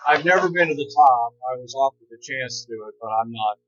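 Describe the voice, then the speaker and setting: A man telling local history in a relaxed, plain-spoken way, outdoors. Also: mid-range voice, brisk, lo-fi sound. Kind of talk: casual storytelling.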